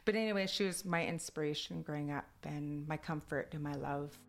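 A woman's voice: deep voice, fairly quick, soft background music. A woman from Alert Bay with a Kwakwala-influenced accent in her English tells stories casually. She laughs often and says "like" a lot. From Alert Bay, British Columbia, Canada. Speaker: interviewee. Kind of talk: casual storytelling.

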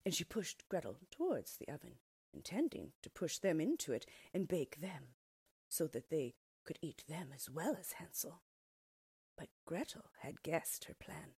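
Breathy woman reading a fairy tale. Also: low voice, big pitch swings, unhurried, a little mellow, dry recording. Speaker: storyteller. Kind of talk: fairy tale read aloud.

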